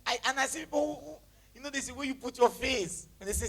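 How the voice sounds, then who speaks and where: A man preaching a sermon to his church, with a lively, emphatic delivery that jumps from shouts to near whispers and mixes in Pidgin phrases. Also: very high-pitched, fast talker, vocal fry, breathy edge. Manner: animated preaching, shouting then dropping to a hush, Pidgin phrases, laughing. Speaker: pastor. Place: church hall with congregation.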